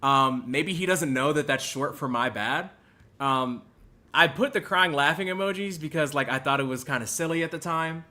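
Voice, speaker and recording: A young adult man hosting a podcast, delivering an exaggerated, sarcastic mock apology that swings between loud outbursts and muttered asides. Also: a little high, moderate pace. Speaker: podcast host.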